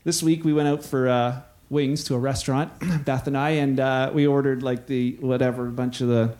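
A middle-aged man preaching a sermon, telling a story with animated, acted-out quotes. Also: mid-range voice, normal speed. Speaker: pastor.

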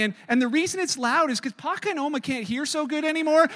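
A middle-aged man preaching a sermon, telling family stories in an animated way and acting out the dialogue. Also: extremely high pitch, fast talker, few pauses. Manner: storytelling, animated, acts out dialogue. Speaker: pastor. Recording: long reverb of a large hall.

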